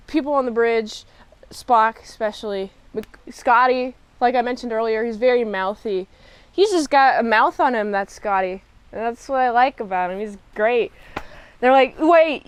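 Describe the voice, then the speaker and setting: Chatty high-voiced woman reviewing TV. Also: clear, resonant tone, no echo. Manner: chatty, animated, laughs often, acts out characters' lines. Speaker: TV episode reviewer. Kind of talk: casual spoiler review.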